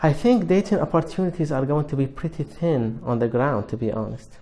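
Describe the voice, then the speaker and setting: A man's voice: a little high, brisk, mellow, natural voice. A man reading aloud and voicing a tense, guarded seventeen-year-old boy who answers in a clipped, defensive way. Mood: wry.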